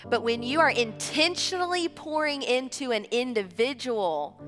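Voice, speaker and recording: A woman, preaching a sermon in a chatty, animated way and acting out little bits of dialogue. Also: fairly high pitch, normal speed. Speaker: church speaker. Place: large church hall. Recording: live church hall, reverberant, music behind.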